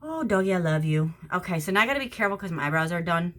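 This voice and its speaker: A middle-aged woman from Florida chatting casually at home as she does her makeup, talking to a friend and sometimes dropping to a soft whisper. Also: lowish voice, animated, racing. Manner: chatty, talks to a friend while doing makeup, drops to soft whispers at times. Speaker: makeup vlogger. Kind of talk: casual makeup tutorial chat. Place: at home during quarantine.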